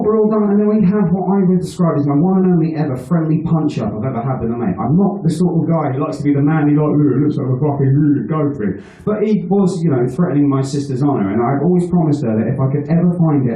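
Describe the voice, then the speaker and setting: Speaking quickly with few pauses, this male comic has a warm voice on the high side. He rambles through a crude story onstage before a live audience, cursing often and cracking himself up. The recording is echoey, with the mic picking him up from a distance.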